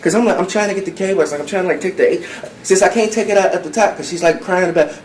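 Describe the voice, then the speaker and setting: A man with a high-pitched voice rushes through his account, acting out each line he quotes and piling on fillers as he goes. He sounds as if he is in an echoey room. A faint background noise hums underneath. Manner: acts out quoted dialogue, rambling with many fillers. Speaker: client preparing testimony. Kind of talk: animated storytelling.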